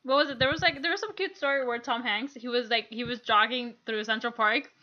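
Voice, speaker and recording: A woman co-hosting a podcast in casual chat, animated, laughing and swearing as she tells stories. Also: on the high side, fairly quick, a little hiss or hum. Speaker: podcast co-host. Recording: dull lo-fi audio.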